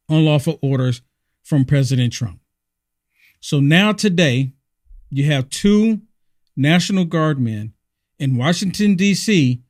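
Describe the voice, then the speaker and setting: A man's voice: a little high, a little mellow, no room sound, studio quality. A man hosting his own political commentary show, talking heatedly and repeating rhetorical questions. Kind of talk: opinion monologue.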